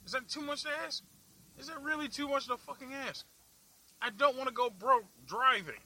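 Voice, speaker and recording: A man's voice: extremely high pitch, moderate pace, bright, forceful tone, low-quality recording. A young man driving through the city, ranting angrily and profanely, laughing at himself now and then. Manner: angry, foul-mouthed, laughing at himself. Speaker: vlog host. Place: in a car in the city.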